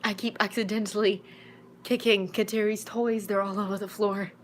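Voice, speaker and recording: An adult woman who reads fanfiction aloud, chatting casually from home in a live-stream Q&A. She rambles and jumps into sudden bursts of excitement. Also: mid-range voice, moderate pace, a little hiss or hum. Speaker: fanfiction audiobook narrator and streamer.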